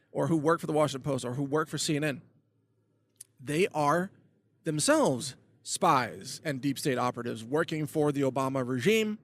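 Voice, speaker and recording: A man's voice: a little high, fairly bright tone. A man hosting his own political video blog, delivering a sarcastic, emphatic rant. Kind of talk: ranting political commentary.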